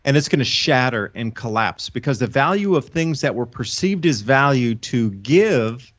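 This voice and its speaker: The recording is muffled, coming through the own microphone of a medium-pitched man, an online channel host appearing as a guest on a relaxed talk show. He rambles through a long, earnest explanation and repeatedly restarts his sentences.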